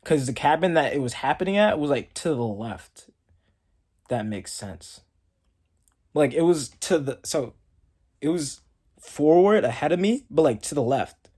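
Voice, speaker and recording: A man's voice: a little high, expressive, a little slow, long pauses, a little mellow. A young man telling a story casually to camera, rambling and saying "like" often. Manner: rambling, heavy use of "like". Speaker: storytime vlogger.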